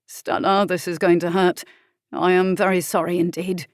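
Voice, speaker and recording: A woman voicing a gentle, earnest young doctor. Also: on the low side, level tone, moderate pace, no echo, studio quality, natural voice. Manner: gentle, firm and reassuring. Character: kind, earnest young male slum doctor. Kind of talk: audiobook character voice.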